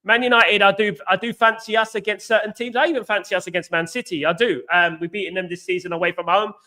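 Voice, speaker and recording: Animated London man hosting a fan stream. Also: high voice, fast talker. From England. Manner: animated, talks straight to viewers with slang. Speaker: fan channel host. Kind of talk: live stream chat reading comments.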